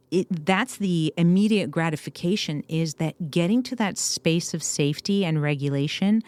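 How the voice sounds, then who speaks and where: A woman's voice: low voice, no echo. A middle-aged woman co-hosting a parenting podcast, affirming her partner and explaining ideas in a casual, encouraging way. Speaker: podcast co-host, doctor. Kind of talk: casual parenting advice chat.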